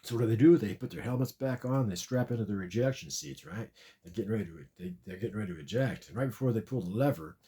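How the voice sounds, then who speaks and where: A man's voice: lowish voice, fast, mellow. A man telling a long, rambling comic story about a dream, repeating and restarting his words often.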